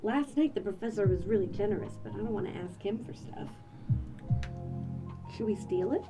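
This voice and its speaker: A woman's voice: medium pitch, a little fast, over music, low-quality recording. A woman playing in a tabletop game, chatty and full of questions. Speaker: player. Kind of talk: casual tabletop play.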